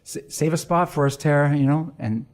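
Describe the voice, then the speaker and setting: A middle-aged man from Canada, a priest, telling an emotional family story in a halting way with bursts of laughter. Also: fairly high pitch. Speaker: priest guest. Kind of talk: personal storytelling interview.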